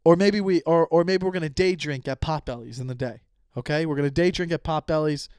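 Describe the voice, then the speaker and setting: A man in his thirties hosts a solo comedy podcast, drifting from tangent to tangent with plenty of swearing and frequent restarts. His voice sits a little high for a man. It sounds close and dry, with no room echo. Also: fairly quick, a little mellow, clear, resonant tone. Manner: profane, self-interrupting, goes off on tangents. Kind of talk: rambling solo podcast monologue. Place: at home, lying down.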